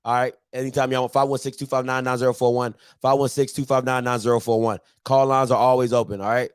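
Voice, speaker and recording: A man hosting a sports recap show, ranting in excitable, slangy trash talk and repeating himself for emphasis. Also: mid-range voice, quick pace, clear, resonant tone, dry recording, clean studio sound. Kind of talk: animated sports recap rant.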